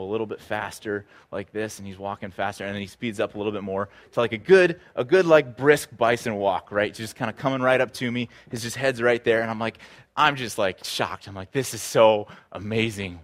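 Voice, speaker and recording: A man in his twenties preaching, telling a lively personal story as a sermon illustration, acting out his own reactions. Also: medium pitch. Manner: animated storyteller, excitable, acts out reactions.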